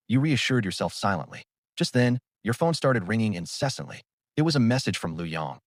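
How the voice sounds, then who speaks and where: A man narrating a story recap in second person with animated storytelling. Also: mid-range voice, a little fast, no echo, studio quality.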